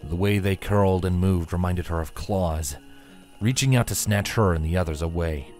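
A man reading a fanfiction story aloud in a slow, measured, expressive storybook narration. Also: low-pitched. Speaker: fanfiction reader. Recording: dry close voice with faint music.

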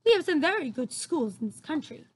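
A woman voicing a composed, regal queen in a measured, stately way. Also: sits high, very animated.

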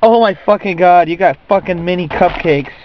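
A man's voice: sits high, moderate pace, highs cut off, slight background noise. A young man filming friends, joking crudely in casual banter. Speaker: camera operator and host. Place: in a car.

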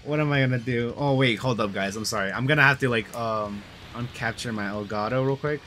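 A man's voice: mid-range voice, a little fast, pushed and bright, a little hiss or hum. A young man giving casual, slangy commentary on a mobile game, frustrated and peppering his talk with bro and dude.

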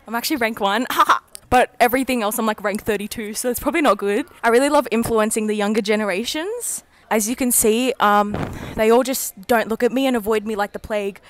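A woman's voice: fairly high pitch, a little fast, few pauses, a little hiss or hum. A teenage girl with an Australian accent, rambling and giggling as she vlogs her way around school grounds outdoors on a handheld phone. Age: teens. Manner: giggly, rambling, self-mocking. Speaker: student vlogger. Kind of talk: casual vlog.

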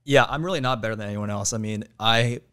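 A man in his twenties speaks as a podcast guest, his voice smooth and clear. He talks candidly and easily in casual chat. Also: fairly low pitch, quick pace, fairly bright tone. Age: 20s.

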